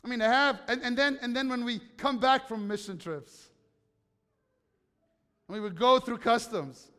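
A man's voice: extremely high pitch, moderate pace, pushed and bright, clear, resonant tone. A man preaching a sermon as pastor, telling stories conversationally and putting questions to the congregation. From United States. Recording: long hall reverb.

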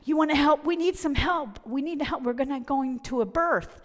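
A woman's voice: high voice, normal speed, voice pushed up, lightly acted. A woman quoting an eager friend who urgently asks for help. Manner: urgent, pleading. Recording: long hall reverb.

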